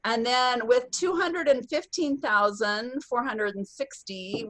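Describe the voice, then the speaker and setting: A bubbly woman hosts a virtual team meeting over a video call, cheering on her team between announcements. Her voice sits a little high, and the sound is close and dry. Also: a little slow, hardly any pauses, fairly bright tone, no room sound, poor audio. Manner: bubbly, cheers and whoops often. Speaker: sales team leader hosting a virtual meeting. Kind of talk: upbeat online meeting announcements.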